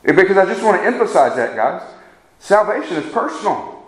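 A man's voice: sits high, very animated, fairly quick. A man preaching a sermon in a conversational way, often turning to his listeners with questions. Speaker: pastor. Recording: echoey room.

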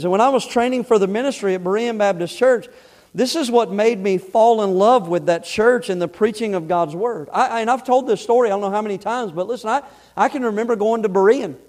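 A man with a notably high voice delivers a sermon from the pulpit of a church. His talk is folksy and plain-spoken, and it swells into loud, emphatic exhortation. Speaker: pastor. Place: church sanctuary.

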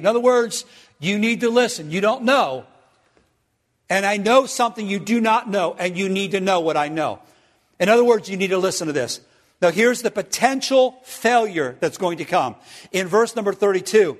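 A man's voice: high-pitched, lively intonation, normal speed, big-room sound. A man preaching a sermon, emphatic, spelling out words and checking in with his listeners.

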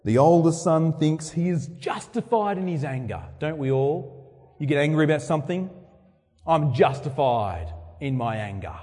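A man's voice: expressive, normal speed. A man preaching a sermon in church, dramatic, acting out quoted speeches with big swings in voice. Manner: dramatic, acts out quoted speeches with sharp swings in pitch and loudness. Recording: long reverb of a large hall.

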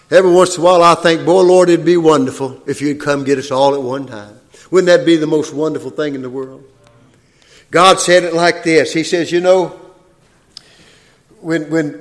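A man preaching a sermon in a church, folksy and plain-spoken, building into loud, high-pitched preaching. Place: church sanctuary. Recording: long reverb of a church hall.

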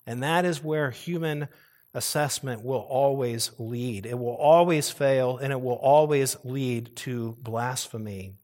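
A man's voice: medium pitch, measured pace, a little mellow. A male pastor preaching a sermon earnestly, pressing hard on key words and now and then restarting a phrase. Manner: occasional restarts and repeated phrases.

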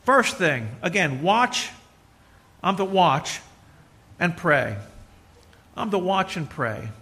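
Middle-aged preacher, bright forceful tone, tells folksy stories, preaches with emphasis. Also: male voice, high-pitched, big pitch swings, slow pace. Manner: conversational, storytelling, builds to emphatic preaching. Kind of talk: folksy sermon with personal stories.

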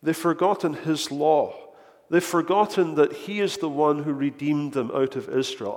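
A man's voice: on the high side, measured pace, a little mellow. A man preaching a sermon in earnest tones, often repeating words as he builds a point, recorded in a church. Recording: echoey hall.

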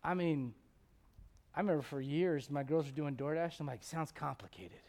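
A middle-aged man preaching a sermon to a congregation, animated and joking with the crowd, quoting God and people in playful voices. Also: on the high side, brisk. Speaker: pastor. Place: church.

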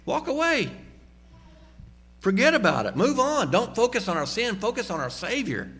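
A man preaching a sermon, slowing down and dropping low on key phrases and rising sharply when he exhorts. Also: sing-song, a bit bright, breathy edge. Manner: emphatic, slows and drops low on key phrases; rises sharply in pitch and volume when exhorting. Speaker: pastor.

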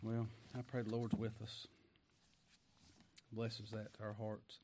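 Folksy preacher with a swinging voice. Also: male voice, fairly low pitch, completely flat delivery, takes it slowly, background noise. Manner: folksy, swings from loud declaiming to hushed. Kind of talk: sermon.

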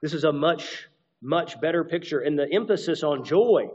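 A man's voice: on the high side, expressive, moderate pace, darkish tone, breathy edge, highs cut off. A man preaching an expository sermon, reading scripture aloud and adding conversational asides. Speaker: pastor.

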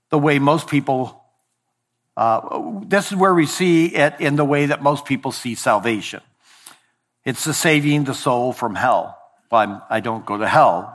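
Deliberate and a touch bright, this pastor's sermon slows on its key lines and drops low at each line's end. Every so often he fumbles a word and corrects it.

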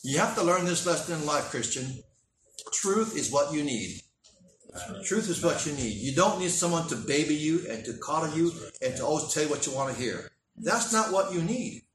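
A man preaching a sermon as a pastor, animated and acting out dialogue in character voices. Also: fairly high pitch, normal speed, slight background noise. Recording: echoey room, mic at a distance.

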